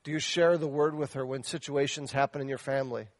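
A fast-talking preacher with a steady tone and mid-range voice delivers a sermon with no echo. He's passionate and direct, pressing the men in his congregation with questions while shifting between loud exhortation and quiet, earnest asides.

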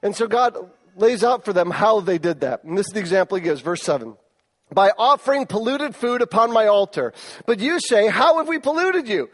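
High-voiced animated male preacher. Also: fairly quick. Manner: animated storytelling, rises in pitch and force for emphasis. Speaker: pastor. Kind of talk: sermon.

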